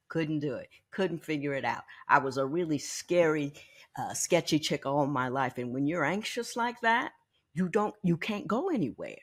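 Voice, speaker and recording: Husky woman in her sixties telling a story. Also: low voice, normal speed. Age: 60s. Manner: animated, candid, repeats words while thinking. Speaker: podcast host. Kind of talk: personal storytelling.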